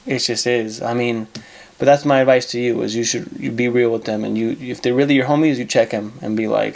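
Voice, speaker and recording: A man's voice: medium pitch, steady tone, a little fast, gravelly, a little mellow. A man with a mid-range voice hosts a casual advice monologue on his own. He talks bluntly, swears freely and says things twice to drive a point home. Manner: blunt, profane, repeats himself for emphasis. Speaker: advice show host.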